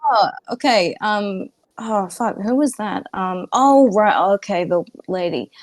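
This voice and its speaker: A woman's voice: medium pitch, expressive, slow, dry recording. A woman playing a tabletop game, chatting casually in a laid-back way and laughing easily. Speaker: player.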